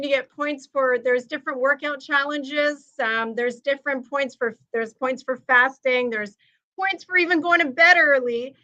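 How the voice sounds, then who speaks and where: Bright high-voiced Canadian nutritionist. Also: female voice, muffled recording. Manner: upbeat, promotional, quick asides. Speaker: nutritionist guest. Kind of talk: podcast interview. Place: warm office. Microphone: video call.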